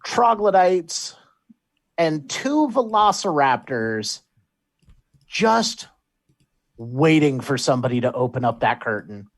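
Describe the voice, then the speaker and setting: Lively man running a tabletop game. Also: a little high. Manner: animated, quick rulings with filler restarts. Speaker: game master.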